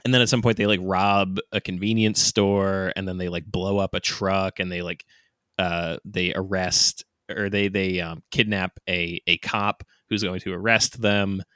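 A man's voice: deep voice, flat delivery, a little slow, bright, forceful tone, no room sound, studio quality. A man co-hosting a podcast in casual chat, laughing often and talking loosely with lots of fillers. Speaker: podcast co-host.

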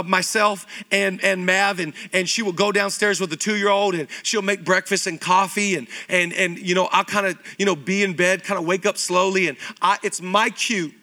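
High bright-voiced pastor guy, chatty sermon, repeats himself a lot. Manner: animated, conversational preaching with repetition. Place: church auditorium.

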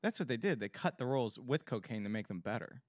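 A man's voice: medium pitch, expressive, fairly quick, no room sound, studio quality. A man from Pennsylvania co-hosting a casual podcast chat, playful and full of questions. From Pennsylvania, USA. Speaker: podcast co-host.

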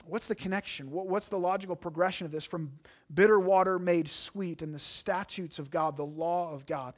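Earnest high-voiced male preacher. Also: steady tone, moderate pace. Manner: earnest, emphatic, with repeated restarts. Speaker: pastor. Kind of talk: sermon.

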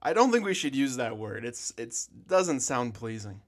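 A man with a mid-range voice co-hosts a casual podcast, easygoing and quick to laugh. He talks in a relaxed way with a dry sense of humor, recorded in a small office. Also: mid-range voice. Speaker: podcast co-host. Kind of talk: casual chat.

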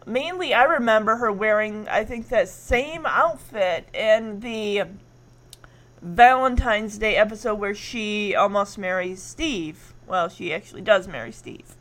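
A woman's voice: mid-range voice, a little slow, a bit bright. A woman casually recapping a sitcom episode, chatty and giggly, acting out the characters' lines.

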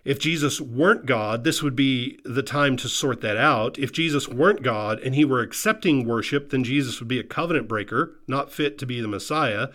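A man's voice: medium pitch, moderate pace, hardly any pauses, a bit bright. A man preaching a sermon in an earnest, emphatic way, repeating phrases for stress and putting questions to his listeners. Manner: asks the listeners direct questions. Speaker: pastor.

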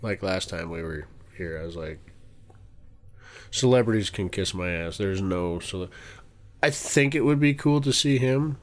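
A man's voice: sits low, moderate pace. A young man co-hosting a podcast, chatting casually in a blunt, joking way and laughing often. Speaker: podcast co-host. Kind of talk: casual chat.

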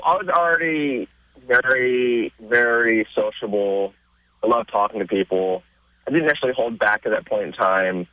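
A man being interviewed on radio, telling stories casually and getting excited, his voice jumping up in pitch as he retells scenes. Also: no echo, lo-fi sound. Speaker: interview guest.

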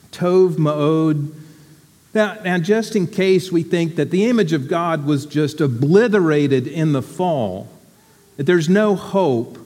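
Slow, reflective man preaching. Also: on the high side, warm tone, big-room sound. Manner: reflective, unhurried, deliberate phrasing. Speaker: church community member giving a talk. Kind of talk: sermon.

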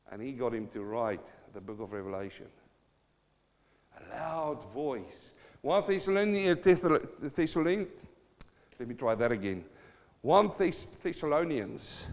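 A high-voiced man delivers a sermon, reading scripture quietly before building into loud, fired-up preaching. His voice rings with the long reverb of a large hall. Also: dull audio.

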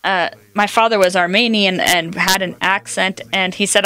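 A woman's voice: mid-range voice, steady tone, moderate pace, hardly any pauses, sharp tone. A woman preaching a sermon, telling personal stories and quoting scripture in an earnest way. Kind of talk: sermon teaching.

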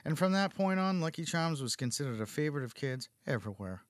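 A man hosting a chatty podcast, his voice a little high for a man, jokey and quick to laugh as he reads from his notes. The sound is dry and close, with no room around it. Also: big pitch swings, dry recording. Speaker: podcast host. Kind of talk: casual podcast chat reading facts.

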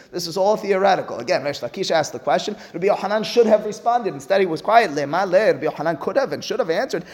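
Animated man teaching Talmud. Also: fast, few pauses. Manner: acts out dialogue between sages with big pitch swings; mixes Aramaic and Hebrew terms into English.

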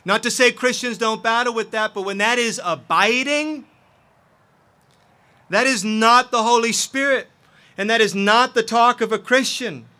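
A man's voice: extremely high pitch, measured pace, bright, forceful tone. A man preaching a sermon as pastor, earnest and impassioned.

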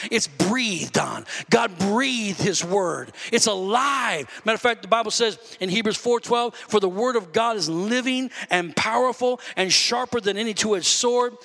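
A man pastor preaching a sermon, animatedly acting out his talks with God and shouting at the peaks. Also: high-pitched, creaky. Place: church sanctuary. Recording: long reverb of a church hall.

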